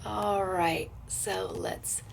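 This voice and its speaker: A woman's voice: mid-range voice, fairly even intonation, very slow, vocal fry, a little hiss or hum. A woman hosting a craft show in casual chat, bubbly and playful as she announces giveaway winners. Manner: bubbly, playful, stumbles over names with laughs.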